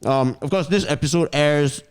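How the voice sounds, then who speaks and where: A man's voice: on the high side, moderate pace, clean tone. A young man, hosting a casual podcast chat and laughing often. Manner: chatty, laughs often, drops "lah" into sentences. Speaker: podcast host.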